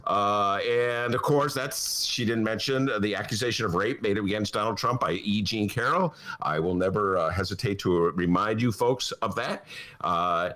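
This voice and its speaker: A man hosting a comic political talk show from his attic, sarcastic and animated, with a Chicago accent. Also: on the low side, normal speed. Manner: sarcastic, animated, jumps between mock voices and asides. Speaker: podcast host. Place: home attic studio.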